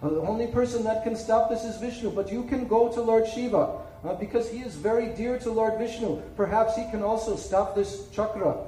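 A kindly creator god explains his helplessness with polite regret, as a man voices him. The tone is mellow and subdued. It is recorded from afar in an echoey room. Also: high voice, a little fast, few pauses, lightly acted. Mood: apologetic. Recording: echoey room, distant mic.

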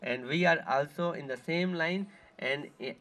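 A male guide at pilgrimage sites gives a sincere devotional talk in a voice on the high side, fairly bright, at normal speed. His speech is full of repetition and moments of searching for words.

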